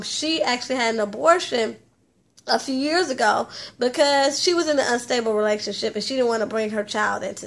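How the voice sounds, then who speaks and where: A woman with a high voice recaps a reality show in a loose, casual way. She is chatty and blunt and swears freely. She talks straight at her audience. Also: fairly bright tone. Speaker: TV recap host.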